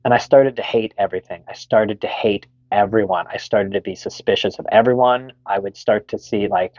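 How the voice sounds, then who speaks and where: A man's voice: fairly low pitch, fairly quick, a little mellow, dry recording, lo-fi sound. A middle-aged Canadian man candidly telling a personal story, frank and swearing freely, with many fillers.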